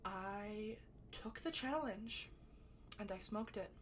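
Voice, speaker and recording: A woman telling a personal story to camera in a chatty, animated way, with sudden loud bursts and some swearing. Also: medium pitch, slow, a little hiss or hum. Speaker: storytelling vlogger. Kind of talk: casual storytime.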